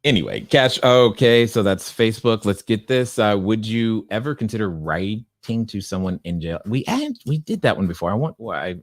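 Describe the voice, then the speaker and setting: Deep-voiced man hosting a casual livestream. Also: normal speed, few pauses, no echo, clean studio sound. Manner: relaxed, chuckling, reads questions aloud and riffs. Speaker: livestream host answering viewer questions. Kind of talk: casual live-stream chat.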